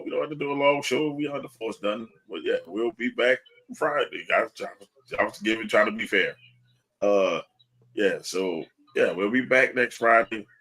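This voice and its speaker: A man's voice: fairly low pitch, a bit bright. Laid-back joking man hosting a podcast. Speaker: podcast host. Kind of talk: casual sports podcast chat.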